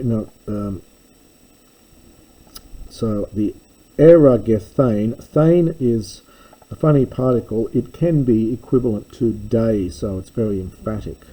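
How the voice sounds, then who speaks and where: A man reads through an old text and explains it line by line, in a slow, unhurried way. His voice is low and dark. He has a slightly husky edge and often stops mid-thought to correct himself. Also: poor audio. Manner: measured, self-correcting, thinking aloud. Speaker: classics lecturer.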